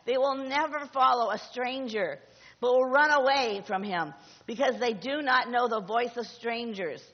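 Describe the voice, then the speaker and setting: A middle-aged woman pastor delivers a sermon in a fairly high voice at a moderate pace, emphatic and exhorting, frequently repeating her phrases. The audio is dull, with a long hall reverb.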